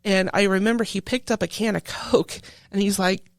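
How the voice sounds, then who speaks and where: A woman who is a military veteran, telling a painful personal story in an interview in halting speech full of restarts. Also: medium pitch, no room sound, studio quality. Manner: halting, with many restarts, recounting a painful memory. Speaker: veteran guest.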